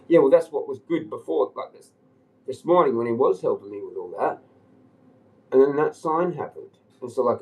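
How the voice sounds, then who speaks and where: A man's voice: mid-range voice, darkish tone, low-quality recording. Man, livestream monologue, rambling, agitated, swears a lot. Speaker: live streamer.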